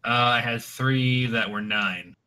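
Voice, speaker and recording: A man playing a tabletop role-playing game, excitable and laughing often as he describes his schemes. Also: mid-range voice, a little slow. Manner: excitable, laughing, tells stories with relish. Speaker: player.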